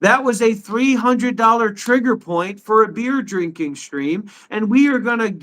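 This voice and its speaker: A man's voice: very high voice, a bit bright. A man in his thirties hosting a live stream from his apartment, ranting and swearing indignantly in a heated argument.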